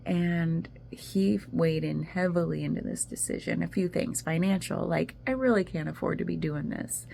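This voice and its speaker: A woman's voice: fairly low pitch, moderate pace, creaky, warm tone, slight background noise. A woman talking casually in a video journal, rambling and emotional as she confides personal news. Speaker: vlogger.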